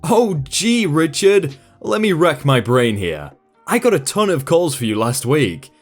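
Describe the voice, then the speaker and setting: A man's voice: medium pitch, wildly swooping pitch, normal speed, soft background music. A man reading a first-person story aloud in a dry, sarcastic storytelling manner. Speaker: storytime narrator.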